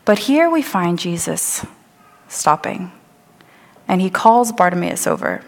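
A woman's voice: on the low side, sing-song, slow pace, vocal fry. Woman preaching in a reverberant church. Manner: vivid storytelling, acts out crowd voices. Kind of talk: sermon with scripture reading. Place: church sanctuary. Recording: long hall reverb.

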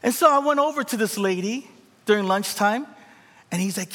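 Young male pastor from Korea, animated storytelling sermon, fairly high voice, big hall reverb. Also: quick pace. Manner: animated, calls out to the congregation.

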